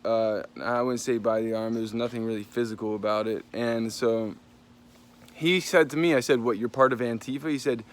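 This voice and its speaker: A man rants his way through a story to the camera, swearing freely and animatedly. His voice sits at an ordinary middle pitch, and he keeps jumping into other people's voices to quote them. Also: moderate pace. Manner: animated, profane, jumps into voices when quoting people. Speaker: vlogger. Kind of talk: casual storytelling rant.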